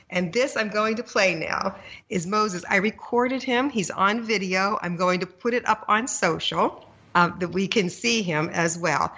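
A woman's voice: medium pitch, bright, forceful tone, lo-fi sound. A woman hosting a podcast, chatting enthusiastically and telling stories in a casual interview. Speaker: podcast host.

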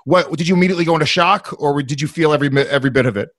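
A man's voice: fairly high pitch, rapid-fire, music in the background. A man co-hosting a podcast, asking questions in a hesitant way as he searches for words. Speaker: podcast co-host. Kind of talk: casual interview chat.

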